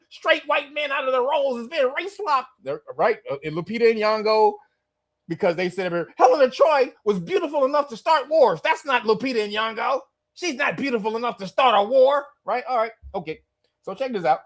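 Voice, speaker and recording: Male podcast host, casual profane rant, laughs often, very lively pitch. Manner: animated, profane, laughs often while ranting. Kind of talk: casual ranting commentary.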